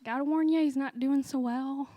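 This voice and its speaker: A woman's voice: sits high, steady tone, normal speed, dry recording, pitched above the performer's own voice, lightly acted. Woman doing a gushing elderly grandma. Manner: gushing, warm-hearted.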